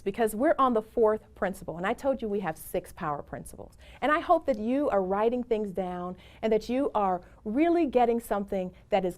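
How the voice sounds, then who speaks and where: A woman's voice: medium pitch, darkish tone. A middle-aged woman giving a motivational presentation, speaking in an emphatic, encouraging way and telling personal stories.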